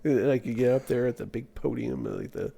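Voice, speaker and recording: Gravelly-voiced man joking on a podcast. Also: mid-range voice, fairly even intonation, fairly quick, warm tone. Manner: joking, self-deprecating, stumbles and repeats words. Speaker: podcast co-host. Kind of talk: casual chat.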